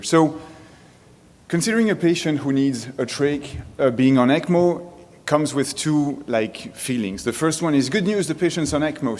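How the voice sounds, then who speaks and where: A man's voice: medium pitch, a little mellow. A man with a French accent giving a conference lecture to a room of colleagues, explaining his points one by one. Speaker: physician presenting at a medical conference. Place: large lecture room with an audience. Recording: reverberant conference hall.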